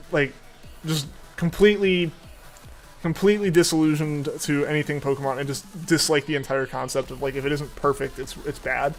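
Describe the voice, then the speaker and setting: A young man streaming a game, chatting casually and rambling with many fillers and restarts. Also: on the high side. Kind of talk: casual chat while gaming.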